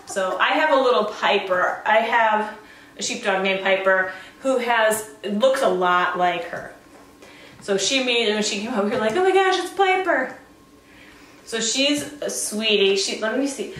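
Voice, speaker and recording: A woman breeder chatting casually as she shows a litter of puppies, often cooing at them in a high baby-talk voice. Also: measured pace, a bit bright. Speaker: dog breeder showing a puppy litter. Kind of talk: casual vlog chat. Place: indoor room with the puppies. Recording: roomy, distant camera sound.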